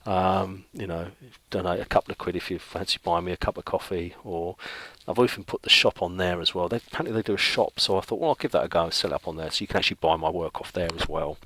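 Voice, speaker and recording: A middle-aged man talks an illustration vlog through in a very low voice, musing aloud and filling gaps with ums and restarts. The sound is dry and close, with no room echo around him. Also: fast, hardly any pauses, a bit bright. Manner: rambling, thinking aloud with many fillers. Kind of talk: casual narration while drawing.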